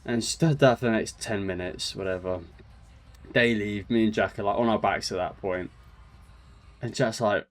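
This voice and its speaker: Young dude, lowish voice, chatty storytime vibe, laughs at himself. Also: male voice, fairly even intonation, moderate pace, pauses often, a little hiss or hum. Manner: chatty, laughs through his story, self-mocking. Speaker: storyteller vlogger. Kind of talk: casual storytime.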